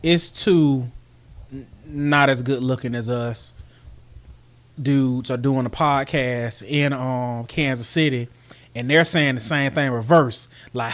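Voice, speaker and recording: A man co-hosting a sports podcast, excitable and teasing, laughing often. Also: medium pitch, takes it slowly. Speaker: podcast co-host. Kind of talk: casual sports banter.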